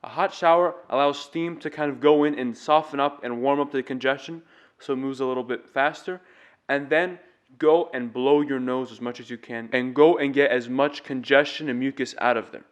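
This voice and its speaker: A man's voice: medium pitch, steady tone, normal speed. Guy voice coach walking you through tips, earnest, shows each step. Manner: earnest, demonstrative, explains step by step. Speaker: singing teacher. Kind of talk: casual vocal tutorial.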